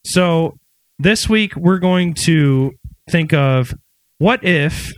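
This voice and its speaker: A man co-hosting a casual comedy podcast, explaining segments in a relaxed, rambling way. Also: on the high side, very slow, dry recording, rough recording. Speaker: podcast co-host.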